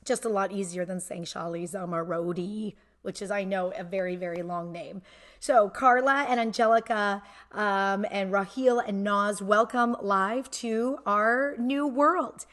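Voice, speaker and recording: Woman in her 30s, live-stream host at home, chatty and playful, bright tone, echoey room, slightly off-mic. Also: medium pitch, measured pace, recorded from a distance. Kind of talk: casual live stream chat. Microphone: computer mic.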